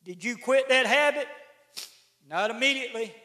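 A middle-aged man preaches. His voice is very high and sharp-edged, and his folksy delivery climbs into shouts. The sound carries the echo of a church sanctuary on a live stream. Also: moderate pace. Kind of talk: sermon. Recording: echoey church livestream.

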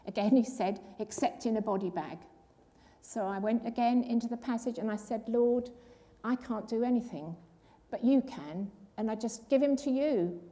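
Older lady telling a church testimony, high soft mellow voice, really earnest. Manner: earnest storytelling, acts out quoted voices. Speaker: church speaker giving a testimony. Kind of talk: personal testimony.

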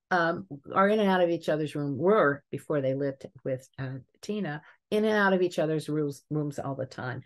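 An older woman, a family psychologist, giving a webinar lecture and telling lively case stories. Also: low-pitched. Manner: lively storytelling, chuckles at examples.

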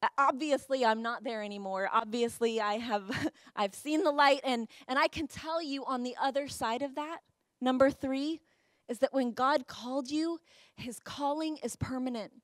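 High-voiced woman preaching a passionate sermon. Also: moderate pace, dry recording, clean studio sound. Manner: impassioned storytelling, rising to emotional peaks. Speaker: pastor. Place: church.

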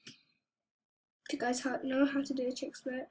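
A young woman giving soft-spoken, anxious commentary as she plays a video game. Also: high voice, level tone, a little slow, pauses often. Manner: soft-spoken, often hushed, anxious chatter. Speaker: gaming YouTuber. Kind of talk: casual gameplay commentary.

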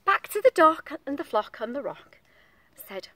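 A woman's voice: high-pitched, big pitch swings, normal speed, bright, forceful tone, no room sound. A woman reading a picture book aloud to young children in a sing-song voice, stopping to ask them questions.

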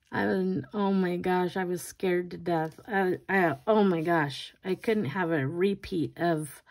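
An older woman and grandmother chatting casually while doing her nails, telling a rambling story with laughs and restarts. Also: fairly low pitch. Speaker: nail art vlogger.

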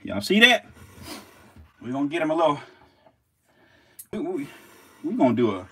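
Lively, profane snake-feeding man. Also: on the high side, moderate pace, slightly rough. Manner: profane, joking, laughs at his own jokes; talks to the snakes and mice as he works. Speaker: snake keeper vlogger. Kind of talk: casual vlog talk to camera. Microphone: handheld camera, set down at times.

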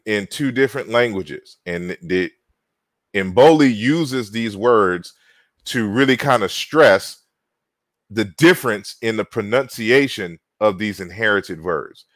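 A man giving an online lecture, slow and halting, spelling out words and often repeating himself. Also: fairly low pitch, a bit bright, dry recording.

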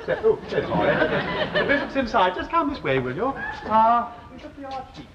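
An actor playing a timid, dithering young chaplain who is anxious to please, in a 1960s studio sitcom on a muffled old recording with hiss. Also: male voice, very high-pitched, very animated, fairly quick, over a noisy crowd, full character voice. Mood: fretful.

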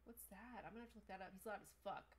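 A woman's voice: mid-range voice, racing, breathy edge. A young woman casually commenting on a game as she plays it, reading chat aloud and swearing often. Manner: chatty, swears a lot, reads chat aloud. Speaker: streamer. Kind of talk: live gameplay commentary.

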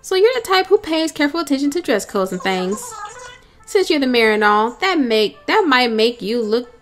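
A sugary poodle salon stylist, put on by a woman gushes in a put-on accent and a high, lifted voice, calling everyone sugar. She sells her makeovers with polished, salesy politeness over faint game music. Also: big pitch swings, moderate pace. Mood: gushing.

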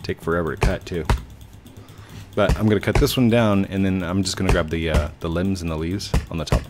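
A man's voice: deep voice, steady tone, fairly quick. A man hosting a gaming channel, giving chatty, rambling gameplay commentary and humming to himself. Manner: chatty, rambling, hums and self-corrects. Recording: game music under voice.

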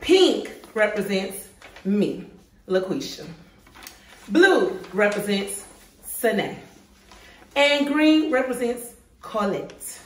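A woman's voice: medium pitch, drawn-out words, long pauses. A woman in her thirties hosting a vlog, chatting casually and laughing with friends. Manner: lively, laughing, Southern-tinged slang. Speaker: vlog host. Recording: echoey room, mic far off.

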